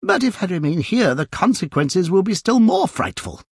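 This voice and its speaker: A man doing a flustered timid old gentleman. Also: fairly high pitch, sing-song, normal speed, vocal fry, husky, no echo, clean studio sound, voice pushed up, full character voice. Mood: anxious. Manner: anxious, fretful exclamations.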